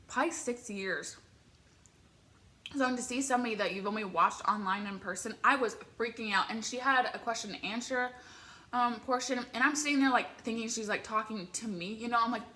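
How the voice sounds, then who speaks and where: A young woman from the Midwest telling an excitable, rambling story with many filler words while eating on camera. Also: a little high. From American Midwest. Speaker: vlogger.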